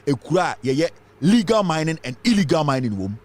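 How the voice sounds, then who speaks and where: With big pitch swings in a slightly high voice, a Ghanaian man talks fairly quickly through heated political commentary. He leans on rhetorical questions and blends Twi into his English, all in a Ghanaian accent.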